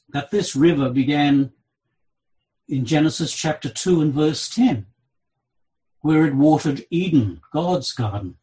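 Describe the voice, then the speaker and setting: Dramatic high-voiced male preacher. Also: rough recording. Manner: dramatic, slow delivery with wide swings in pitch and loudness; reads scripture aloud. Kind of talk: expository sermon.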